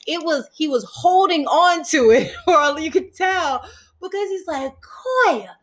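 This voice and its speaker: Woman, interview guest, casual storytelling, animated, laughs as she talks, fairly high voice. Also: a little slow. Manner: animated, laughs while telling stories. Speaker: interview guest, yoga teacher.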